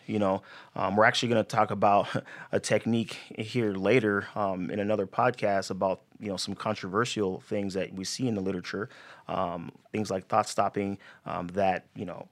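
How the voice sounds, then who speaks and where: A man on a podcast explaining mental reframing for athletes, talking casually and acting out players' inner voices. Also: fairly low pitch. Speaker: sports psychology guest.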